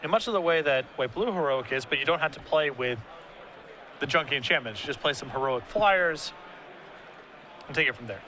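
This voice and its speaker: Bright, higher-voiced male color commentator. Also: lively intonation, fairly quick, pauses often. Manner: analytical, dry humor. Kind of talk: live tournament commentary.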